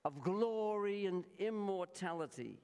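An Australian man delivers a sermon at an unhurried, measured pace. His pitch rises and falls in an animated way as he leans on key words and calls out to the congregation. A long reverb hangs on his voice, as in a reverberant church hall. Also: clean tone. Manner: slow and deliberate, stressing key words and repeatedly addressing the congregation. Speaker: preacher.

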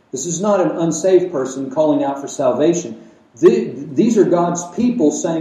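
A man preaching a sermon, emphatic, with rhetorical questions and swings between loud and quiet. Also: on the high side, moderate pace. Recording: echoey room, mic at a distance.

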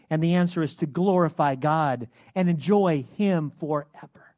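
A man's voice: a little high, normal speed, a little mellow, dry recording, studio quality. A man preaching a sermon as pastor, earnest and asking rhetorical questions.

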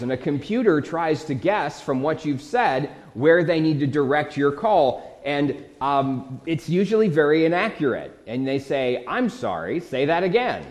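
A man preaching an earnest, conversational sermon as a pastor, asking his listeners rhetorical questions. His voice sits a little high for a man. It rings out with the long reverb of a church hall.

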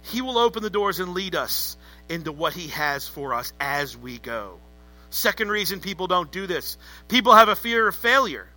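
A man's voice: high voice, very animated, moderate pace, sharp tone, soft background music. A man preaching a sermon as pastor, emphatic and rhetorical, repeating key phrases.

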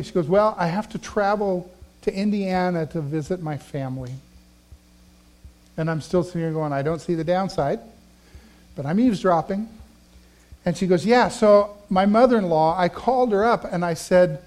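A man with a notably high voice preaches to his congregation in a chatty, storytelling way. He leans hard into some phrases and then drops to quiet asides. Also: moderate pace. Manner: conversational, swings between loud emphasis and quiet asides. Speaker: pastor. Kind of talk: sermon with personal stories.

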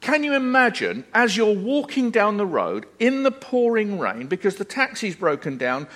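A preacher delivers a sermon with earnest emphasis, his high-pitched voice sitting a touch above most men's and sounding a bit bright. At normal speed with few pauses, he uses huge pitch swings and repeated phrases, letting his intensity rise and fall to drive each point home.

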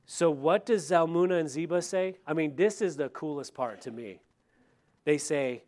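A man, a middle-aged pastor, preaching a verse-by-verse sermon in a conversational way, with lively retelling and asides to the congregation. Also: a little high, moderate pace. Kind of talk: expository sermon.

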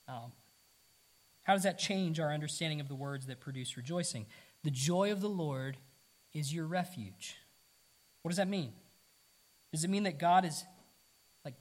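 Earnest man preaching a sermon. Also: fairly high pitch. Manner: earnest, conversational preaching with rhetorical questions; repeats words, casual asides. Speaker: pastor.

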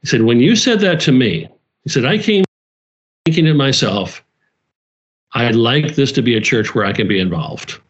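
A man at a mid pitch who leads a small church talks earnestly in a relaxed conversation. He often restarts and repeats his phrases. The recording sounds slightly dull and lo-fi. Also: normal speed, pauses often. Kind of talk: casual conversation.

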